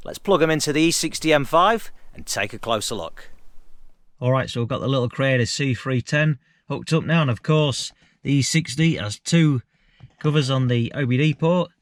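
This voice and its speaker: A man's voice: mid-range voice, normal speed, no echo. A man giving a casual, candid explanation in a car vlog, chatting directly to his viewers. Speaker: car enthusiast vlogger.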